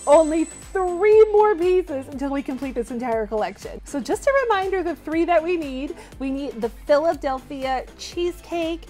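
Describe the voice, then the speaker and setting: A woman hosting a toy unboxing vlog, gushing and squealing with excitement, talking to viewers as "you guys". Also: sits high, normal speed, few pauses, faint music behind.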